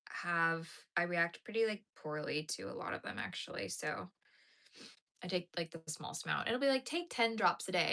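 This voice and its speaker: A woman's voice: fairly low pitch, vocal fry, fairly bright tone. Sleepy woman rambling to her stream chat from home, lots of ums, yawning a lot. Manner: tired, rambling, yawning, many fillers. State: tired and yawning. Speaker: crochet streamer. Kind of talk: casual live-stream chat. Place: home, talking to a live chat.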